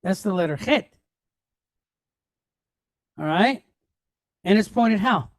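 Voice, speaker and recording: A man's voice: high-pitched, animated, slow, dry recording. A man teaching a Hebrew class, patiently drilling sounds and checking that students follow. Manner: patient, checks understanding often; drills pronunciation aloud.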